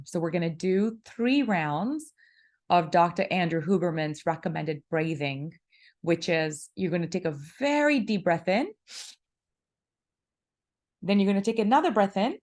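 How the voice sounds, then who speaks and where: A woman's voice: on the low side, normal speed, darkish tone. A woman leading a guided breathing exercise, giving instructions and counting breaths aloud.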